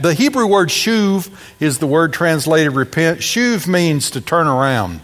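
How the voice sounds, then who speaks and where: A man's voice: fairly high pitch, very animated, unhurried, hardly any pauses, fairly bright tone. Brief: male pastor, slightly raised voice, preaching with punchy emphasis and wry jokes, long hall reverb. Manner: preaching with dramatic emphasis and humorous asides. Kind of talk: sermon.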